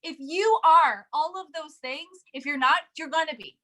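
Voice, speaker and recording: A woman leading a sales team, giving an energetic, emphatic motivational talk with frequent laughs. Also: high voice, moderate pace. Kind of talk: casual motivational chat.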